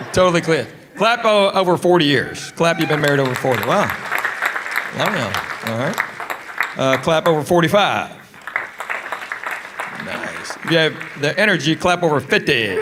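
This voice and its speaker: Deadpan stand-up comic, roaring crowd. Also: male voice, high voice. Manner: deadpan storytelling with crowd work. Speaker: stand-up comedian. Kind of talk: stand-up comedy routine. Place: theater stage before a live audience. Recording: live show with loud crowd and noise. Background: loud audience laughter.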